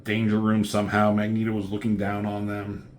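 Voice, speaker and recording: A man's voice: fairly low pitch, monotone, brisk, a little hiss or hum. Rambling casual male comic reviewer. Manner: rambling, lots of ums and likes, swears casually.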